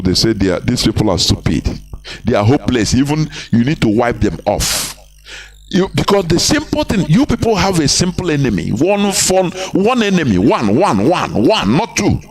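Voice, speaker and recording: A man giving an impassioned live broadcast, emphatic and repetitive, firing rhetorical questions at his listeners. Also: a little high.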